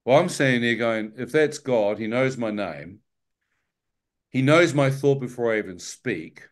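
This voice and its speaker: A man's voice: medium pitch, expressive, measured pace. A man sharing his personal testimony with a live church audience, telling it vividly and with self-mocking humor.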